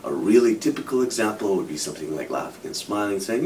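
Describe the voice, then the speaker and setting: A man's voice: fast, few pauses. A middle-aged man, a psychologist, explaining ideas through imagined examples. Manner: animated explaining with hypothetical examples, frequent "kind of". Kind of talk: explanatory talk to camera. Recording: from a distance, faint low rumble.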